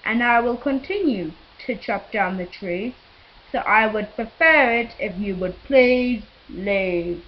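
A woman's voice: medium pitch, slow, lo-fi sound, natural voice. A woman narrating a rhyming storybook in the voice of a boastful man who chops down trees. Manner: boastful, sing-song rhyming. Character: boastful male tree-chopping builder, narrating.

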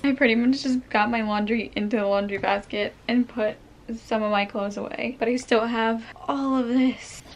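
A bubbly young woman chatting to her camera at home, a little out of breath. Her voice sits fairly high and has a gravelly, fried edge at the ends of phrases. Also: steady tone, moderate pace. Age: young adult. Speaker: vlogger. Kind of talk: casual vlog chat. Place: home bedroom.

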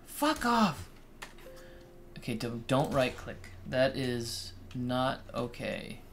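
A man's voice: medium pitch, level tone, takes it slowly, slight background noise. A man casually commenting on a game he's playing with friends, laid-back and swearing when startled. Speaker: let's play host.

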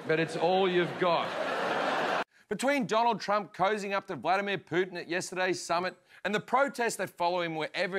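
A high-voiced Australian stand-up comedian performs a set on a comedy stage before an audience. His delivery is blunt, profane, and deadpan.

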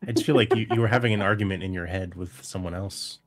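A man's voice: low voice, quick pace. A man chatting casually on a live stream in a playful, teasing way. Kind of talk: casual chat.

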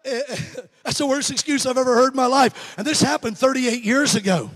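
A man in his fifties from Alabama, with a Southern American accent, preaches in a large church sanctuary. His voice is very high-pitched, fairly quick and a bit bright as he tells a humorous story in sermon form and jokes with his congregation.

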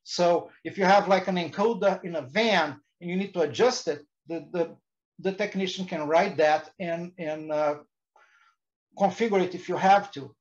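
Man giving a halting technical talk. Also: high voice, dull audio. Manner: hesitant, frequent restarts and fillers. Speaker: engineering presenter. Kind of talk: technical presentation.

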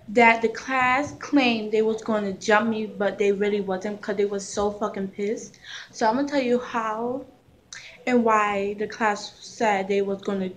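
A young woman vlogger telling a personal story in a casual, rambling way, with slang and swearing. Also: mid-range voice.

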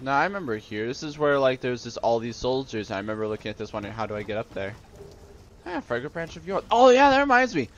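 A man's voice: medium pitch, sing-song, fast talker, few pauses, lo-fi sound, a little hiss or hum. A man hosting a let's play, rambling and sarcastic in his gameplay commentary. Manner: sarcastic, rambling, easily annoyed.

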